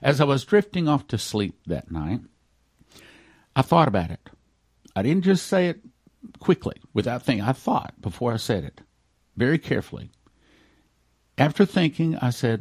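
A male pastor delivers a radio sermon with earnest conviction. His mid-range voice rises into loud emphasis, then sinks to hushed, near-whispered lines. The recording is dry and close, with no room sound. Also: mid-range voice, sing-song, normal speed, long pauses, breathy edge, no echo.

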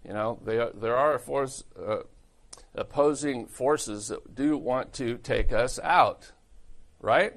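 Male pastor, sermon, folksy, blunt, gravelly voice. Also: medium pitch, takes it slowly. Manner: folksy, blunt, conversational preaching.

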